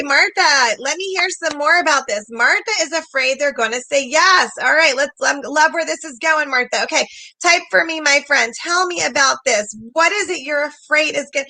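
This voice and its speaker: Animated high-voiced woman coaching on a livestream. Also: no echo. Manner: animated, reads viewer comments aloud, acts out voices in quotes. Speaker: sales coach hosting a livestream.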